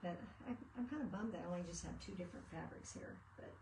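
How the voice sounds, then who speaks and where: A woman's voice: lowish voice, animated, fast, a little mellow, slight background noise. A woman hosting a casual craft video, chatting and rambling through stories as she works. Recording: echoey room, mic at a distance.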